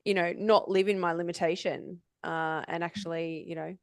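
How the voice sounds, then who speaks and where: A woman's voice: on the low side, fairly even intonation, normal speed, dry recording, clean studio sound. A woman podcast host talking enthusiastically about spirituality in a casual interview over a video call, laughing often.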